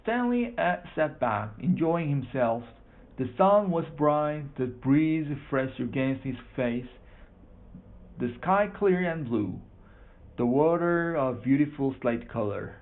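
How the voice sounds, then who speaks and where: A man reading a children's book aloud for practice, halting, repeating and correcting words. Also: on the high side, animated. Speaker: reader. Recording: tinny phone-like sound.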